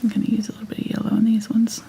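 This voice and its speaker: A woman leading a live painting tutorial, talking through each step in a soft, half-whispered, casual way. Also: fairly high pitch, monotone, racing, gravelly, slightly rough. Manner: casual, chatty asides. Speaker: painting instructor.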